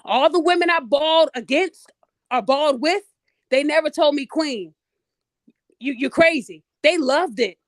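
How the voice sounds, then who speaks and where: A middle-aged woman with a high voice, hosting a podcast and telling a story bluntly and with lots of energy. She speaks straight to her listeners, and the sound is dry and close. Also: unhurried, no echo. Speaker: podcast host. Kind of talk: casual storytelling monologue.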